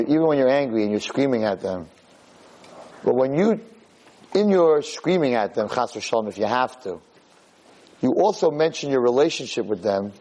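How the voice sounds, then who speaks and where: A man giving a lively Torah lecture, who acts out scenes of shouting parents to make his points. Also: low-quality recording. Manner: animated, acts out shouting parents in high pitch. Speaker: Torah teacher.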